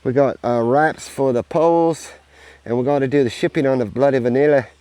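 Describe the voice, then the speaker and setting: A man talks casually while walking a farm outdoors, rambling cheerfully and swearing freely. His voice sits at an ordinary pitch, recorded close on a handheld camera with a dry sound. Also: brisk, dark tone, no echo. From United States. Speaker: vlogger, farm owner.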